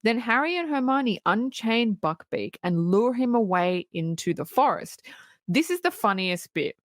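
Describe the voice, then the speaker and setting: A woman co-hosting a podcast, recapping a film's plot in steady, casual storytelling. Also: on the high side, a little slow, dry recording, clean studio sound. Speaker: podcast co-host.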